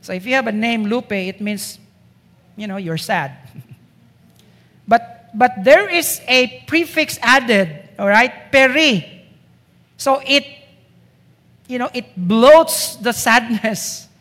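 A man's voice: extremely high pitch, expressive, slow pace, long pauses, fairly bright tone. A man preaching a sermon to a congregation, emphatic, driving points home with repeated rhetorical questions. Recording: long reverb of a hall.

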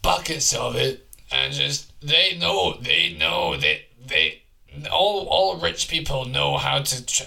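A raspy, gravel-throated time-traveling freak, voiced by a man in an improvised comedy bit rants crudely about the future. His delivery is slow and drawn out, with a bright, sharp bite. He lurches cheerfully from one absurd idea to the next. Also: on the high side, very animated, full character voice. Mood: manic ranting. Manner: rambling, crude, gleefully absurd rant.

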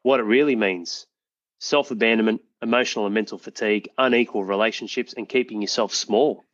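A man's voice: fairly low pitch, fairly quick, dry recording, lo-fi sound. A man hosting a podcast, talking earnestly and motivationally and swearing freely. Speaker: podcast host. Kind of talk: casual podcast chat.

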